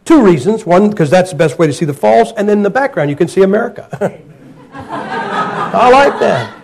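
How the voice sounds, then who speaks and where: High-voiced preacher telling stories. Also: male voice, animated, fast talker, vocal fry, crowd noise, rough recording. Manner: folksy storytelling with humor. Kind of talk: sermon. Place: church.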